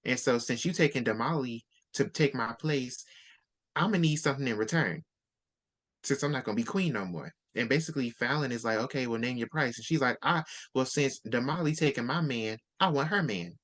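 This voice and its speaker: A host in a casual book discussion, retelling the story with lively quoted character lines. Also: medium pitch, brisk.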